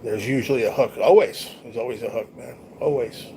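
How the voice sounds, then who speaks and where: This livestream host has a creaky, darkish, medium-pitched voice, speaking at a quick pace with a steady tone. The low-quality recording carries noticeable background noise as he rambles bluntly to viewers with lots of swearing and slang.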